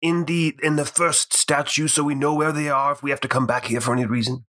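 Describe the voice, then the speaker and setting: A man's voice: on the high side, little pitch movement, a little fast, pushed and bright. A man playing in a tabletop role-playing game, talking casually and hesitantly. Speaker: player.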